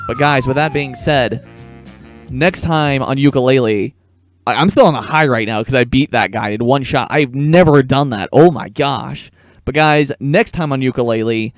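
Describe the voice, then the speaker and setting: A man hosting a gaming video, talking viewers through a boss fight in a chatty, excitable way. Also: mid-range voice, no room sound, clean studio sound. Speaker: gaming channel host. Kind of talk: let's play commentary.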